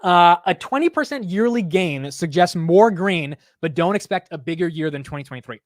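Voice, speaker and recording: Man hosting a live market stream, brisk profane banter, higher voice, dry close mic. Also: no room sound. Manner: animated, profane, self-mocking banter. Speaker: market livestream host. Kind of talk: casual live market commentary.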